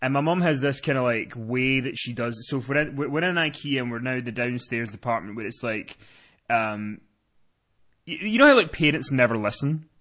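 A man tells a story on a podcast in a lively, swooping voice. His tone is bright and forward. He rambles, doubles back and restarts as he goes. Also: mid-range voice, normal speed. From lives in Scotland. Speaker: podcast co-host. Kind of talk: casual podcast chat.

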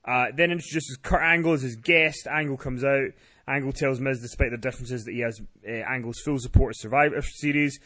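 A man's voice: mid-range voice, fairly even intonation, a little fast, pushed and bright, no room sound. A man hosting a podcast, casually recapping wrestling with swearing and laughter. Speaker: podcast host.

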